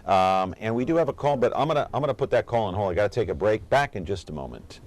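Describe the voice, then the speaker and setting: A man with a fairly low voice hosts a live call-in program. He keeps the show moving briskly, cutting to breaks and clips. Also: expressive. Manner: brisk, moves the show along. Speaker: talk show host.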